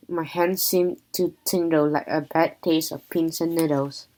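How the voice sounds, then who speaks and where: A woman reads a children's chapter book aloud, taking her time over every sentence. Her voice sits on the low side. The storytelling stays plain and unhurried. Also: steady tone, darkish tone, rough recording. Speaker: reader.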